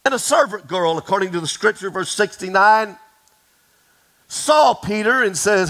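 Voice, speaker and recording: A man preaching a sermon to a congregation, telling a story dramatically, sometimes dropping to a hush and sometimes rising to a shout, and speaking straight to his listeners. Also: sits high, expressive, moderate pace, poor audio. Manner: addresses the congregation directly. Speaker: pastor.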